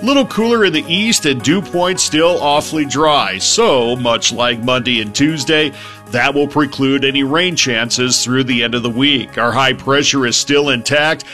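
A man giving the morning weather forecast on radio as the station's meteorologist, in a lively, upbeat way. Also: mid-range voice, a little slow, faint music behind.

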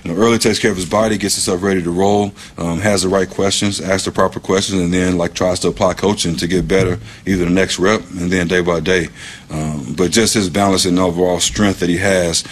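A man, a football coach, answering interview questions in a measured way with plenty of ums and you knows. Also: sits low, fairly even intonation.

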